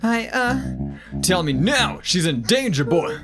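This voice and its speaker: A woman's voice: lowish voice, big pitch swings, measured pace, pitched above the performer's own voice. A woman voicing a frantic older man who gives stern, urgent commands in a video game playthrough. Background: game music.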